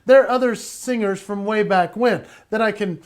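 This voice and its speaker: A man giving a playful, energetic virtual keynote from his home, laughing often and slightly out of breath. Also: high voice, moderate pace. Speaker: motivational speaker and entertainer.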